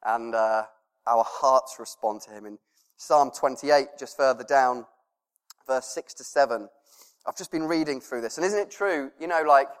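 A male pastor preaching a sermon, earnest, laughing softly and dropping to a hush when he quotes prayers. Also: mid-range voice, measured pace, clean tone, big-room sound.

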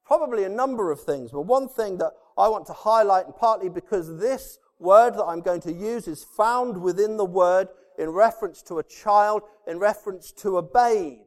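A man with a high voice preaches a sermon in a large hall that leaves a long reverb. He drives points home by repeating key words. He swings between loud, rising declarations and quiet, hushed asides. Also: normal speed, few pauses.

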